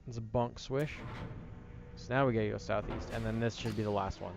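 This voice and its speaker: A man's voice: lowish voice, fairly even intonation, a little fast, creaky, over music. A man casually commenting while playing a game late at night, laid-back and self-deprecating, sounding tired. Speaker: gaming streamer. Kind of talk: casual let's-play commentary.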